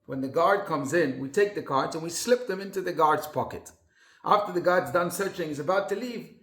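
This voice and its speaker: Man doing a sly prison ringleader, confiding, matter-of-fact, highish voice, echoey room. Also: brisk, fairly bright tone, natural voice.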